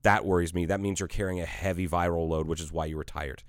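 Blunt low-voiced man teasing his friend. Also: fairly even intonation, no echo, clean studio sound. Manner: blunt, teasing, profane, quick talker. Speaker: podcast co-host. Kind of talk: casual chat. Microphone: studio mic.

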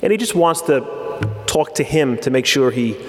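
A man's voice: mid-range voice, animated, normal speed, slight background noise. A man giving an earnest sermon, often restarting his phrases and reading passages aloud. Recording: echoey hall with long reverb.

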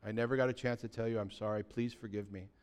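A remorseful young man apologizes in a low, hushed, humble voice, voiced by a man retelling the moment. His tone is smooth and clear. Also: steady tone, fast talker, lightly acted.

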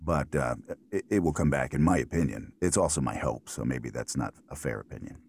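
A man's voice: a bass voice, lively intonation, a little fast, darkish tone, husky. A middle-aged American man who works as a voiceover artist, talking at ease in an interview and giving thoughtful, rambling answers full of restarts and fillers. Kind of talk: relaxed conversational interview.

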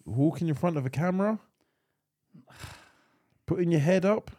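A young British man co-hosting a podcast, bantering loudly and swearing through a guessing game with his friend. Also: fairly high pitch, animated, normal speed, no echo, studio quality. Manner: loud laughing, joking, swearing. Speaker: podcast co-host.

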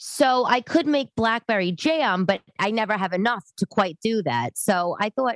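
A woman's voice: mid-range voice, lively intonation, moderate pace, hardly any pauses, dry recording. A middle-aged woman hosting a podcast from her living room, talking in a chatty, rambling way that wanders off on tangents. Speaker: podcast host. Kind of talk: casual monologue.

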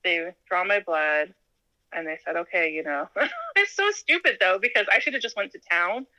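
Bright-voiced woman telling a personal story. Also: medium pitch, moderate pace, no room sound, rough recording. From Alaska. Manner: animated, laughs often, acts out quoted dialogue. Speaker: interview guest. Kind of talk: casual storytelling.

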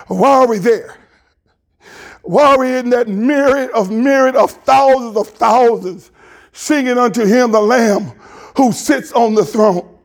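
High-voiced, slow, impassioned male preacher. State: crying. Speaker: pastor. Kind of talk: sermon with prayer.

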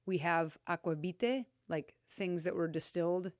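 A woman with a slightly low voice talks in a relaxed, chatty way, full of fillers and small laughs as she explains. The sound is close and dry, with no room around it. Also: normal speed, no room sound. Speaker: co-host talking about drinks. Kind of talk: casual chat.

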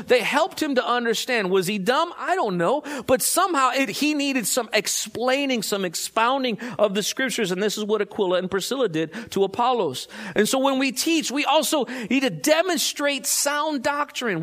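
A man's voice: very high-pitched, fairly bright tone. A middle-aged male pastor preaching a sermon in a conversational way, full of fillers and restarts, rising to emphatic points.

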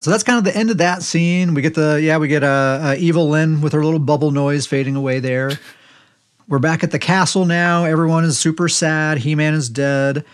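A man co-hosting a podcast, casually retelling scenes in a relaxed storytelling way with quick quoted lines. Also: on the high side, clear, resonant tone. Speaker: podcast co-host. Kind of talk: casual recap chat.

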